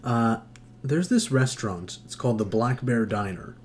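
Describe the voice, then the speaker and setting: A man's voice: medium pitch, animated, moderate pace, a little hiss or hum. A man from the United States chatting casually while streaming, joking crudely and laughing often. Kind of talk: casual chat.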